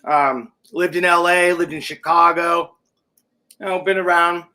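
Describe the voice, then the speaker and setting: A man's voice: fairly high pitch, steady tone, measured pace, bright, forceful tone. A man from San Francisco, chatting eagerly as a guest and gushing with praise. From San Francisco, Northern California. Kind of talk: casual guest chat.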